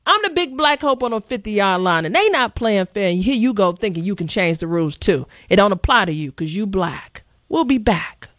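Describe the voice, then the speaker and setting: A woman's voice: mid-range voice, lively intonation, normal speed, hardly any pauses, fairly bright tone, no room sound, clean studio sound. A woman hosting a call-in talk radio show, blunt and sassy, pressing her callers hard.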